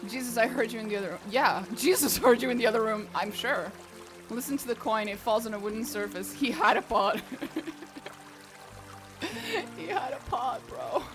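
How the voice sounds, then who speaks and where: A woman streaming a video game, chatting casually, excitable and swearing, often breaking into laughs. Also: on the high side, moderate pace, music in the background. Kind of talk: casual gameplay commentary.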